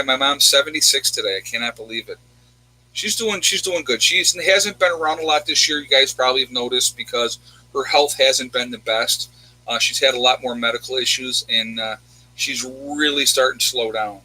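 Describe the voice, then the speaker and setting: A man's voice: medium pitch, bright, forceful tone, rough recording. A man in his forties hosting a casual live stream from home, rambling through stories and reading out viewer comments. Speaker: livestream host.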